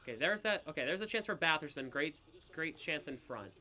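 Bright excitable young male hockey commentator. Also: a little high. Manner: rapid excited play-by-play, ranting and laughing. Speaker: play-by-play commentator. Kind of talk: live hockey stream commentary.

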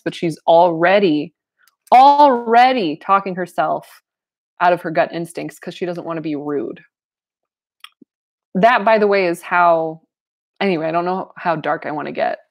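A young woman reading a novel aloud and breaking off into animated, casual commentary with frequent laughs. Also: deep voice, gravelly. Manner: animated, laughs often, chatty asides. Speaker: reader and commentator.

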